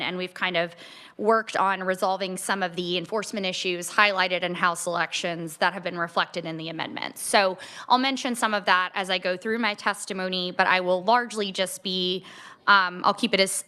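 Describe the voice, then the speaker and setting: A woman testifying before a legislative committee, explaining policy in a measured way with frequent fillers. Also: medium pitch, pushed and bright. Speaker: ethics commission staff testifying.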